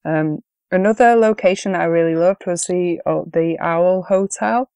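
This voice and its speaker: A woman's voice: fairly low pitch, moderate pace, dark tone, clean tone, dry recording. A woman co-hosting a podcast, chatting about films in an easygoing way with frequent ums. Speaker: podcast co-host. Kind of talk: casual film review chat.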